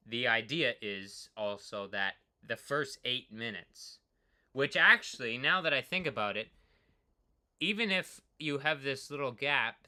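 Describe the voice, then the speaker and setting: A man with a sharply bright, cutting tone talks loosely through his cycling workout numbers. He rambles, leans on filler words and swings from excited outbursts to quiet muttering at his own stats. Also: mid-range voice. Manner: excitable, peppered with "like", quick swings between hype and mutters. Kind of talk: casual rambling commentary on ride data.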